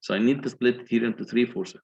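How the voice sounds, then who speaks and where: A man's voice: medium pitch, quick pace, vocal fry, darkish tone, lo-fi sound, a little hiss or hum. A man with an Egyptian accent giving a university engineering lecture, explaining step by step and often checking that students follow.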